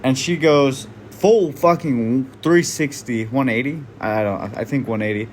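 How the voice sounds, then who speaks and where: A man's voice: medium pitch, a little slow, hardly any pauses, slight background noise. A man doing casual reaction commentary, blunt and slangy, swearing freely. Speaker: online commentator.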